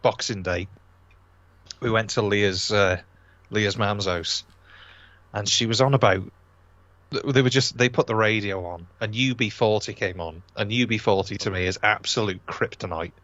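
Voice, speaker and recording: A man's voice: lowish voice, moderate pace, no echo, muffled recording. A man chatting casually on a podcast livestream, telling anecdotes with animation. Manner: storytelling, animated. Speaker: podcast co-host. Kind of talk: casual chat.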